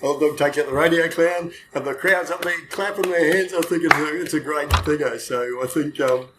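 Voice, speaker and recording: A man's voice: a little high, moderate pace, very noisy. An older Australian man, a retired police dog handler, telling rambling, self-correcting stories in casual chat and swearing freely.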